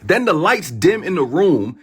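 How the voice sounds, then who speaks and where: A man with a high, slightly slow voice and a breathy edge casually tells a story into his phone in profane street slang. He's animated as he retells a dream, voicing quotes to act out what everyone said.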